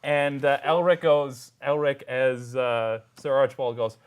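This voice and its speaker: A man narrating as game master of a tabletop role-play game, telling the scene with lively energy. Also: medium pitch, a little slow, clear, resonant tone. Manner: animated storytelling, laughs often.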